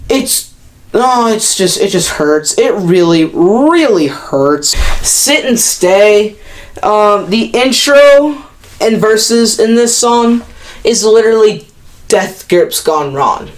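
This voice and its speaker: A woman giving a music album review as an animated, exasperated rant, speaking close to the camera. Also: medium pitch, takes it slowly.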